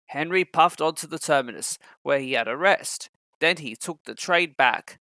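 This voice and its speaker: Bright-voiced man reading a storybook. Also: on the high side, normal speed, hardly any pauses, dry recording. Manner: expressive, acting out every character. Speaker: narrator. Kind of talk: reading a children's storybook aloud.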